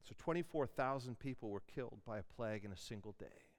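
A man preaching a sermon in an animated way, acting out questions and objections. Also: mid-range voice, quick pace.

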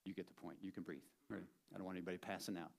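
Man, pastor delivering a sermon in a church; easygoing and emphatic, on the low side. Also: level tone, very fast, gravelly, darkish tone. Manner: conversational and playful, with emphatic repetition.

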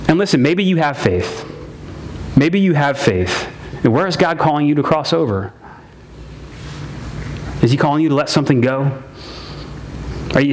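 A man's voice: fairly high pitch, slight background noise. A man preaching a sermon as pastor, repeating each phrase for emphasis and calling his listeners guys and man.

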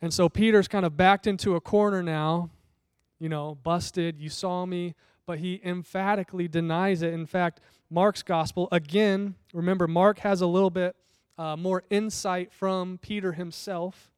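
Smooth-voiced male preacher, high and dry. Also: steady tone, moderate pace, dry recording. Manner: conversational storytelling, voicing the people in the scripture. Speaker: pastor. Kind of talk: sermon.

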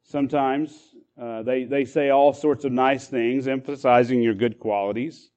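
A man's voice: mid-range voice, steady tone, a little slow, a little mellow, highs cut off. A man preaching as a pastor, explaining a passage with frequent restarts and repeated words. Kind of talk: sermon.

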